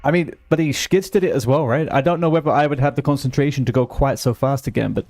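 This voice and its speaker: A young man from the UK talks in a British accent to his live chat between moves in a game. He banters and jokes, drifts off topic easily, and keeps his voice at an ordinary middle pitch. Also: fast, darkish tone. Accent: British English. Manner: chatty, easily distracted, playful banter. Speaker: streamer. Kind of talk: casual chat with live chat while gaming.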